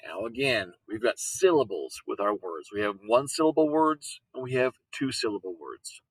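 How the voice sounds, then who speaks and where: A man teaching a lesson, patient, repeating words and sounding them out slowly. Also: mid-range voice, expressive, slightly rough, no echo, poor audio. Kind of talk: recorded classroom lesson on syllables.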